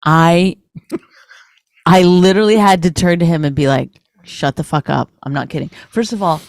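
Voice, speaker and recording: A woman's voice: on the low side, normal speed, a little mellow, no room sound, studio quality. A middle-aged woman co-hosting a comedy podcast, teasing her husband with mocking impressions in casual banter. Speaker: podcast co-host.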